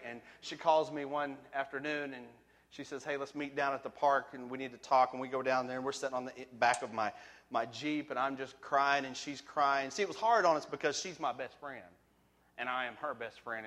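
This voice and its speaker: A man preaching a personal testimony sermon, emphatic, swinging from quiet, low passages to loud shouted peaks. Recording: long reverb of a large hall.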